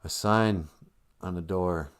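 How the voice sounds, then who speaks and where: A man's voice: sits low, takes it slowly, clean tone. Rambling joking man on a live stream. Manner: joking, wandering, laughs at his own jokes. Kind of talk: rambling comedic monologue.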